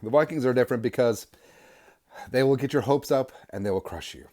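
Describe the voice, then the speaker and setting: A man hosting a sports podcast, delivering an energetic, sarcastic fan rant. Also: medium pitch, fairly quick. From Minnesota. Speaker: podcast host.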